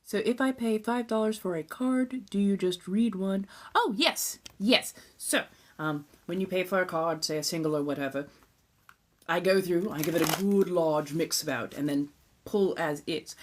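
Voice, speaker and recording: This is a woman from Southern California with a fairly low voice, chatting loosely on a phone live stream. Her ASMR talk is relaxed and easygoing, and she drops into breathy whispers between her normal lines. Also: normal speed. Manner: chatty and relaxed, drifts into soft whispered asides, casual swearing.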